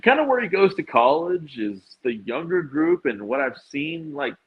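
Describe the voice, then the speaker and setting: A man co-hosting a podcast in casual chat, exclamatory and animated, often restarting his sentences. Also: fairly high pitch, moderate pace. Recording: dull, muffled lo-fi sound.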